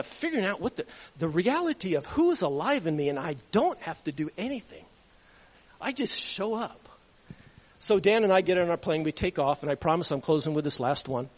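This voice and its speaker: A man giving a rambling sermon testimony, telling stories and chuckling at them. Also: sits high. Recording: reverberant hall, dull lo-fi sound.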